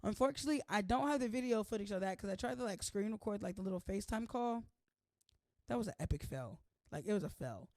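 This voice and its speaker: Young woman vlog host: chatty, playful, a bit hoarse, with a creaky texture and a dry, close recording. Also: medium pitch, animated, fast talker, a little mellow, no echo. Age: young adult. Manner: chatty, playful, says "like" constantly. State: slightly hoarse from allergies. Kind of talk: casual vlog chat.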